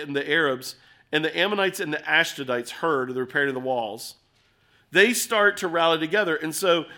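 A middle-aged man with a high voice preaches an expository sermon, earnest and animated, acting out little scenes as he explains the text.

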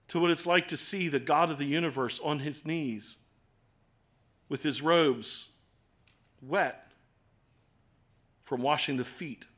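A man preaching a sermon, earnest, moving between quiet reflection and impassioned appeals. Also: on the high side. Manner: earnest, swings from hushed to impassioned.

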